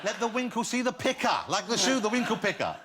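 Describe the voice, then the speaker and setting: A man's voice: high voice, animated, fast talker, very noisy. Laughing male talk show host. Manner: joking, laughs a lot. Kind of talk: playful studio chat. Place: TV studio with live audience.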